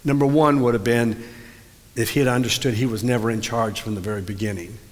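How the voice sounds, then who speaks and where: A man preaching a sermon as pastor, talking in a conversational, storytelling way and slowing down or speeding up for emphasis. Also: mid-range voice, fairly even intonation. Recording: long hall reverb.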